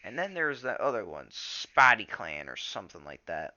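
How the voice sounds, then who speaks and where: A man's voice: fairly low pitch, very animated, normal speed, sharp tone, muffled recording, full character voice. A man voicing a cheerful, scatterbrained young male apprentice cat in a storybook reading.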